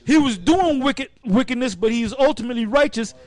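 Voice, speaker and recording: A man's voice: very high-pitched, animated, fairly quick. A man teaching the Bible in a casual, rambling, emphatic way. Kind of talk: casual preaching.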